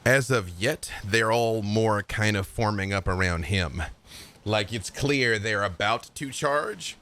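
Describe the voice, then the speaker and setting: A man's voice: on the low side, slow pace, a bit bright. A man narrating a tabletop game as game master in a laid-back way, with fillers.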